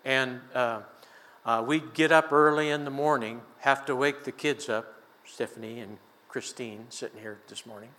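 A man's voice: mid-range voice, fairly even intonation, normal speed, bright, forceful tone, long reverb tail. An older man preaching a sermon in a church, telling a personal story in a folksy, conversational way with chuckles. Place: church sanctuary.

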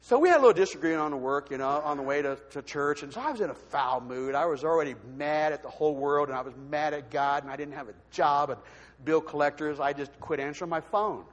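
A man giving a testimony from the pulpit in church, telling his story with lively, acted-out voices. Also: on the high side, fast. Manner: animated storytelling, acts out quoted voices. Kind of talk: sermon testimony. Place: church sanctuary. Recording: long hall reverb.

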